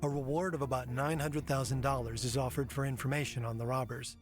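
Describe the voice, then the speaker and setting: A man reading a scripted crime documentary narration in a measured, factual way. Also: medium pitch, steady tone. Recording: narration with background music.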